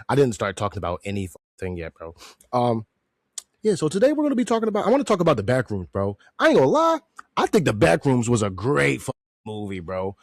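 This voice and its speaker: Animated, rambling man podcast host. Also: mid-range voice, brisk, no room sound, studio quality. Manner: rambling, joking, laughs often. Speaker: podcast host reviewing a movie. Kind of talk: casual slangy chat.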